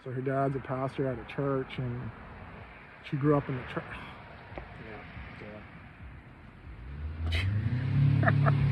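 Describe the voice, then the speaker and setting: A man in his fifties from Maine, talking in a rambling, profane casual monologue with loud bursts of emphasis. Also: mid-range voice, level tone, moderate pace, pauses often, highs cut off, background noise. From Maine, USA. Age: 50s. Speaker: host.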